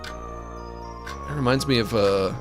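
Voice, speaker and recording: A man's voice: mid-range voice, takes it slowly, soft background music. A young man giving casual, joking commentary while streaming a video game, rambling and looping silly bits. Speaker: let's-play streamer.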